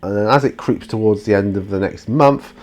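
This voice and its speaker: A man's voice: fairly low pitch, brisk, darkish tone. A man hosting his own channel, answering viewer questions in a casual, rambling monologue with plenty of ums and restarts. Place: outdoors near his studio.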